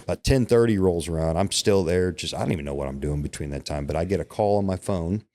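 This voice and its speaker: In a casual interview, a middle-aged man with a notably deep voice recounts an emotional personal story as a podcast guest, quick-paced and warm in tone. He talks openly and conversationally, frequently asking "right?" and adding "you know" to confirm listeners are with him.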